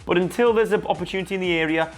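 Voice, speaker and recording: A man's voice: high voice, racing, soft background music, pitched above the performer's own voice, close to an everyday voice. A man voicing a cheerful, joking young man with a Birmingham accent. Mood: jokey.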